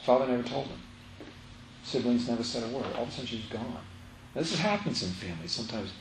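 A man's voice: mid-range voice, lively intonation, fast, a little hiss or hum. A man giving a spiritual teaching talk to a live audience, emphatic and repeating his phrases as he tells a story. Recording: roomy echo, faint ambience.

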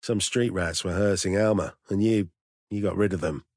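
A man's voice: low-pitched, fairly even intonation, moderate pace, a little mellow, no echo, studio quality. A man voicing a young man who protects his brother in an audiobook, clipped and urgent. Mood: tense.

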